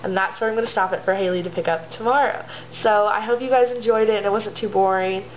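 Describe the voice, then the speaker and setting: A woman's voice: mid-range voice, fairly even intonation, quick pace, slight background noise. A woman vlogger casually retelling a story, rambling and chatty, full of fillers. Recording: slightly dull lo-fi home video audio.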